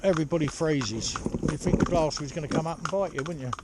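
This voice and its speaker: A horse trainer talking casually outdoors while driving a pony cart, rambling and chatty with lots of "you know". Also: male voice, fairly high pitch, fast. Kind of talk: casual spoken instruction while driving ponies. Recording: loud hoof clatter and outdoor noise.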